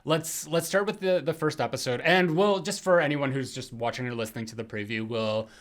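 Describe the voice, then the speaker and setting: A man's voice: medium pitch, fairly quick. Man hosting a casual podcast chat. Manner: relaxed, hedging, repeats words. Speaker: podcast host.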